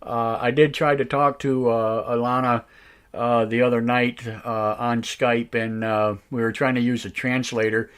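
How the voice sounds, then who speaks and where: A man hosting a live online radio show, talking in a halting, casual way with many fillers and restarts, his voice a bit raspy tonight. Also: mid-range voice, little pitch movement. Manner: slow, drawn-out talk. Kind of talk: casual live-stream talk.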